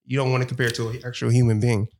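A man chats as a podcast guest with a gravelly, fry-tinged voice. He explains things in a laid-back, halting way, searching for words. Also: medium pitch, level tone, a little mellow. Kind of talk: casual podcast banter.

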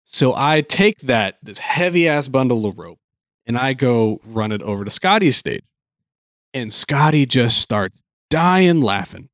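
A man spinning a backstage anecdote in a casual chat, jumping into the voices of the people he quotes. His voice sits at a middle pitch and sounds close and dry, with no room around it. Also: a little slow, dry recording. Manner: animated, acts out quoted dialogue. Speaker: guest telling a story. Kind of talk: casual storytelling.

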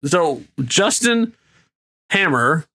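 Animated, rambling male podcast host. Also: a little high, drawn-out words. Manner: rambling, full of fillers and laughs. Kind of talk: casual film recap chat.

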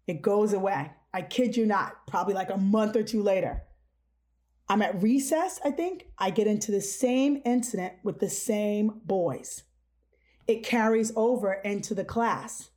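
A woman's voice: medium pitch, a little slow. Podcast host lady, middle-aged, chatty and candid, acts out quotes when telling stories. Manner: candid, animated storytelling with acted-out quotes. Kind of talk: casual storytelling chat.

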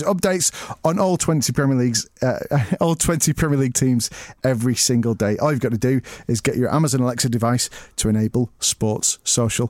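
A man's voice: medium pitch, darkish tone, no echo, clean studio sound. A man hosting a podcast, loose and laughing as he closes the episode. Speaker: podcast host. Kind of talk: podcast chat and outro.

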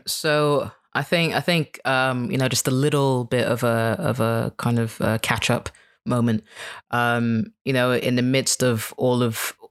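A woman from Kenya with a mostly British accent and a slight American twang, a podcast guest speaking reflectively with many fillers. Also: a bass voice. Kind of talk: casual podcast interview.

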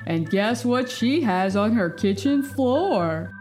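A woman's voice: on the high side, expressive, takes it slowly. A woman voicing a cheerful cartoon dog who tells silly pun jokes on a children's podcast, with music behind. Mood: playful. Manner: bouncy, tells silly puns. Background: background music.

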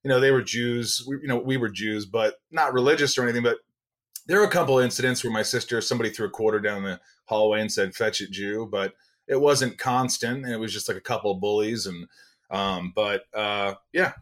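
Animated storytelling man, podcast guest. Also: on the low side, a little fast. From United States, raised in Indiana. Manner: animated storyteller, acts out voices in his anecdotes.

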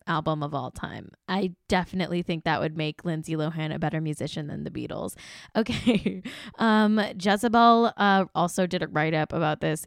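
A woman's voice: fairly low pitch, no room sound, studio quality. Chatty woman gushing about pop news. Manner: chatty, gushing, laughs often. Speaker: podcast host. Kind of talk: casual pop-culture commentary.

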